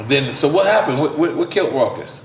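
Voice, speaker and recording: A man hosting a casual chat, reacting with quick questions and remarks. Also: medium pitch, sing-song, creaky, roomy sound, a little hiss or hum. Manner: chatty, reactive interjections. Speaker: podcast host.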